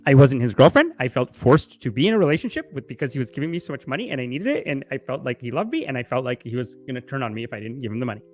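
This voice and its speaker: A man's voice: medium pitch, very animated, rapid-fire, few pauses, faint music behind. A man mimicking a young woman who pleads and justifies herself. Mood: pleading.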